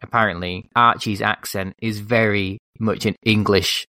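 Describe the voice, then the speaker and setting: A man's voice: fairly low pitch, fairly even intonation, moderate pace, sharp tone, no echo. A man co-hosting a podcast in casual chat, explaining points with many restarts. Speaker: podcast co-host.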